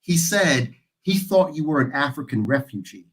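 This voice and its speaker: Animated American man telling stories. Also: on the high side, moderate pace. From United States. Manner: animated storyteller, acts out quoted voices. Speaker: panel host. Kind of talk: casual panel discussion.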